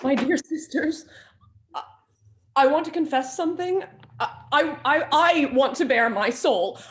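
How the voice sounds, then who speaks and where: A woman's voice: high voice, measured pace, fairly bright tone, a little hiss or hum. A woman reading the part of an impulsive sister, stammering as she confides. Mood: confiding. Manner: stammering, bursting into confession. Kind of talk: staged play reading.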